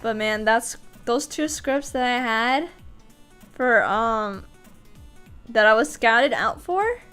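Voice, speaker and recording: Woman, streamer and voice actor, casual chat, high bright voice, laughs often, faint music behind. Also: takes it slowly, clear, resonant tone. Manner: animated, laughs often, restarts sentences.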